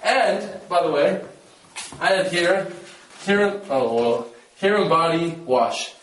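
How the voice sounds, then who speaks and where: A man casually telling the story of his trip, animated and laughing, acting out his own exclamations. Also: fairly high pitch, takes it slowly, roomy sound, rough recording. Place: rented room.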